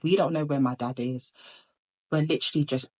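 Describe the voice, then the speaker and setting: A woman's voice: sits low, steady tone, fairly quick, darkish tone, rough recording. A woman telling a personal story in a casual storytime monologue, rambling with many ums and restarts.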